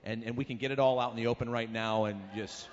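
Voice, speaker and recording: A man's voice: medium pitch, steady tone, fast. A man moderating a fan panel, asking the panelists questions in a playful, teasing way. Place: stage in a large convention hall. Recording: reverberant convention hall.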